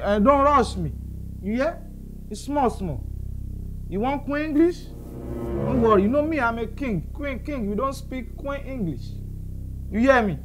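A man with a Nigerian accent playing a makeshift Santa in a comedy skit, loud, playful and rambling. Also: very high voice, animated, unhurried, pauses often, music in the background.

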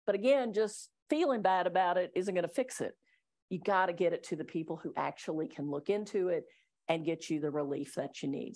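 A woman's voice: fairly low pitch, darkish tone. A middle-aged woman attorney giving a live workplace training talk to staff, chatty and self-deprecating, often laughing between points. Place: meeting room with live audience.

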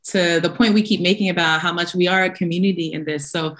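A woman's voice: fairly low pitch, fairly even intonation, quick pace, a bit bright. A woman emceeing a ceremony, rallying the audience with energy. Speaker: master of ceremonies. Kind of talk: hyping up an audience.

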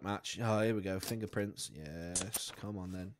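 A man giving live commentary on a game he is playing, jokey and sweary, laughing often, with sudden high squeaks of outrage. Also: measured pace, hardly any pauses, slight background noise. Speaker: streamer.

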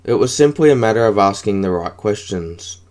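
A man narrating an audiobook in a steady, even reading. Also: lowish voice, moderate pace.

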